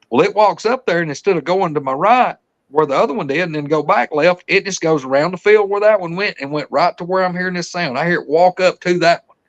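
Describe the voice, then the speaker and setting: Excited man telling a story. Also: high voice, fast, lo-fi sound. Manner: excited, breathless retelling full of fillers. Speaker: podcast guest. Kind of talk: casual storytelling.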